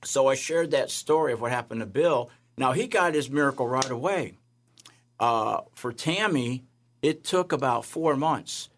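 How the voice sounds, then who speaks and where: Man, chaplain guest, storytelling testimony, animated, acts out voices, mid-pitched. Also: unhurried.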